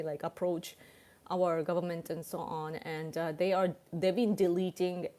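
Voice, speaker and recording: A woman's voice: lowish voice, mellow. A Japanese woman with a Japanese accent, hosting a casual livestream chat, full of fillers and restarts and laughing often. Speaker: livestream host.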